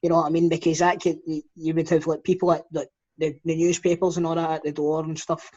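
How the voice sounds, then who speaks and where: A man's voice: fairly high pitch, flat delivery, fast talker, a little mellow. A Scottish man co-hosting a football podcast, giving his views in casual, earnest chat. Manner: earnest, laughs at own jokes. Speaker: podcast co-host. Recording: dull lo-fi sound.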